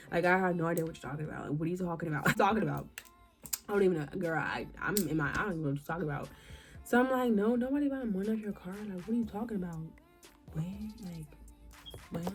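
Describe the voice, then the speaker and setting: A young woman vlogger telling a casual storytime in slangy talk, acting out what she said back then. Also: on the low side. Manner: animated, slangy, acts out her own past lines.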